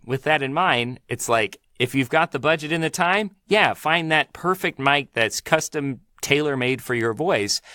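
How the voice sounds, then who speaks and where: A man's voice: mid-range voice, pushed and bright, dry recording. A man co-hosting a podcast, chatting casually, upbeat and teasing, into a studio microphone. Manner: upbeat, laughs often, teasing. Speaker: podcast co-host. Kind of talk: casual chat.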